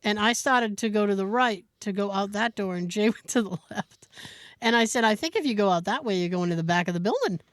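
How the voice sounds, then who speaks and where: A woman speaks fairly quickly in a mid-range voice as a podcast co-host, recounting an anecdote in casual chat and animatedly performing what others said. It's a dry recording of studio quality.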